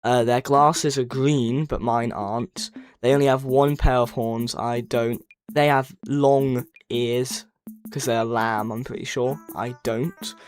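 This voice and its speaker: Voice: medium pitch, steady tone, takes it slowly, faint music behind. A livestreamer chatting casually, rambling, correcting themself and reading chat messages aloud. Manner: self-correcting, stumbles over words.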